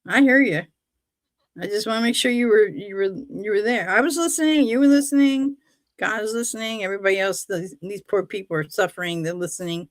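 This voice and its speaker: Chatty woman telling a lively story. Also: medium pitch, brisk, dry recording. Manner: animated storytelling, acts out quoted voices, laughs often. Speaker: livestream host. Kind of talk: casual faith chat on a livestream.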